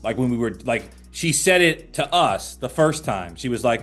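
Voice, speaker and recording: An older actor guest in casual chat, telling animated anecdotes and acting out the voices he quotes. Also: mid-range voice, a little fast, soft background music.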